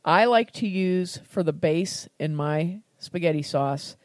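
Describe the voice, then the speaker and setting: A woman's voice: on the low side, slow pace, no room sound. An American woman hosting a cooking podcast, chatting casually and laughing at her own slips. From United States. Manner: chatty and self-deprecating, laughs easily.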